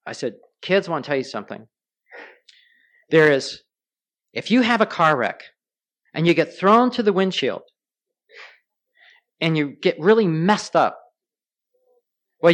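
This pastor's voice sits a little high and has a fairly bright tone. In his sermon he weaves in stories and asks his listeners questions.

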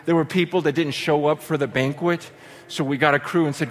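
A man preaching as a pastor, telling a story conversationally with many asides, swinging between excited outbursts and hushed earnest lows. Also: fairly quick, slight background noise. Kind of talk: sermon storytelling.

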